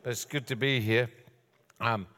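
A man's voice: medium pitch, steady tone, normal speed, pushed and bright, big-room sound. An older man, a guest preacher, giving a sermon with joking, self-deprecating asides. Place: church hall.

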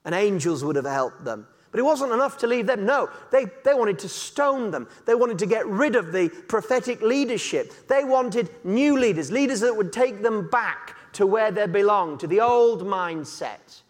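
High-voiced impassioned preacher. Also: male voice, animated, normal speed, few pauses. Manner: impassioned, building to shouts. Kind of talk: sermon. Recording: echoey hall reverb.

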